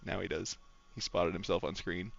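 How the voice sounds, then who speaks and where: A man chats through a game stream in a rambling, candid, openly emotional way. His voice is low but bright and forward. The stream audio is a little dull, with faint music behind him. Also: fairly even intonation, moderate pace, creaky, dry recording. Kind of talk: casual live-stream chat.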